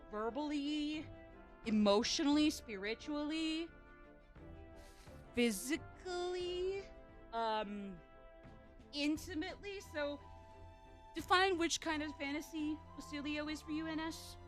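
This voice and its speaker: A woman streaming a game, chatting in a rambling, jokey way full of fillers. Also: high-pitched. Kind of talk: livestream gaming commentary.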